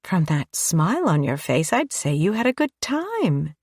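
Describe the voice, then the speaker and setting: A woman's voice: lowish voice, big pitch swings, unhurried, a little mellow, husky, no room sound, studio quality, heavily acted. A woman narrator voicing a fond, beaming grandmother in an audiobook, motherly and doting. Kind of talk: audiobook dialogue.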